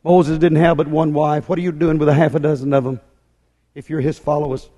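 A man's voice: on the high side, flat delivery, fairly quick, dark tone. A man preaching a fiery sermon with an emphatic, hammering, repetitive delivery. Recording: long hall reverb.

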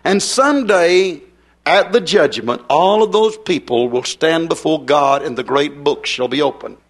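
A man's voice: fairly high pitch, lively intonation, measured pace. A man preaching a fiery, folksy revival sermon.

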